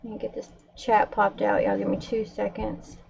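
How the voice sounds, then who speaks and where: A woman's voice: medium pitch, normal speed, creaky, dull audio. A woman livestreaming to her viewers in casual chat, a little out of breath and upset. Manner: upset, talking to viewers while calming pets.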